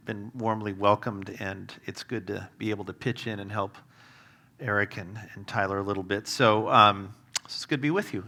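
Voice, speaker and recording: Bright-voiced man preaching with humor. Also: lowish voice. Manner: humorous storytelling, self-deprecating asides; conversational with fillers, varied loudness. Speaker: guest preacher. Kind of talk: sermon.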